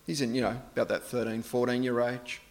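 A man's voice: medium pitch, level tone, fairly quick, gravelly, slight background noise. Conversational preacher man. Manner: conversational, anecdotal, self-deprecating. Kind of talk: sermon.

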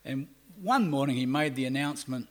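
A middle-aged man with an Australian accent preaching a sermon. He shifts between loud, drawn-out emphasis and quiet, fast asides. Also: medium pitch. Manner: acts out quoted people in brief voices.

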